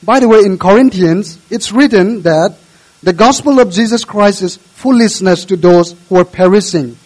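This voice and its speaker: A male pastor preaching a sermon, earnest and measured, urging his listeners. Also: sits high, a little mellow, poor audio.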